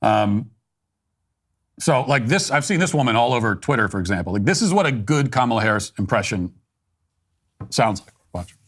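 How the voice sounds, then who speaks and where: A man's voice: mid-range voice, animated, normal speed, pauses often. A man hosting a political commentary show, blunt and sarcastic, often restarting his sentences.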